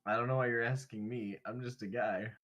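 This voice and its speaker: A man playing a tabletop game, hesitant and full of fillers, with deadpan jokes. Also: medium pitch, fairly quick, a little hiss or hum. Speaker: player. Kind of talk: casual tabletop play.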